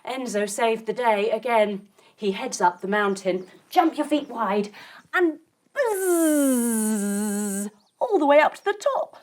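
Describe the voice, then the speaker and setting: Playful, expressive woman storyteller. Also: fairly high pitch, slow pace. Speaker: kids' yoga teacher. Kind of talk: storytelling yoga lesson for children.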